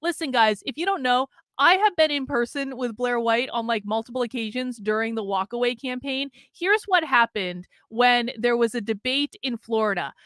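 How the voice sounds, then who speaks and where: This is a middle-aged woman delivering an angry commentary monologue, blunt and peppered with swearing. Her voice sits a little high, with a bright, forceful edge. The sound is dry and close. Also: lively intonation, normal speed, hardly any pauses, no echo. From New England. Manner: blunt, profane, emphatic. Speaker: political commentator. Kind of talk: heated commentary rant.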